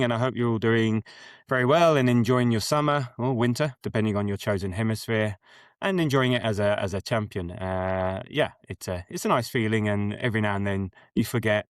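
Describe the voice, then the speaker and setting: A man's voice: lowish voice, no echo, clean studio sound. A man hosting a podcast in casual chat, jokey and rambling, laughing often. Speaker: podcast host.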